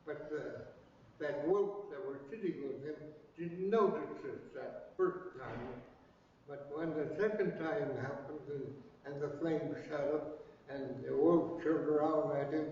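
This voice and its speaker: An older man telling a traditional story to a class in a library room, slow and halting with many pauses. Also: a little high, a little mellow. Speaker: language class elder and storyteller. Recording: echoey hall, distant dull mic, faint noise.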